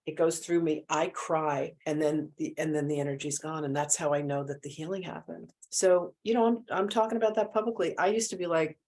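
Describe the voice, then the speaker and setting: A low-pitched woman speaks as a guest in a candid conversation. She tells her stories vividly, slipping into the voices of the people she quotes. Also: brisk. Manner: animated storyteller who acts out quoted voices. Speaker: guest, spiritual healer and channeler.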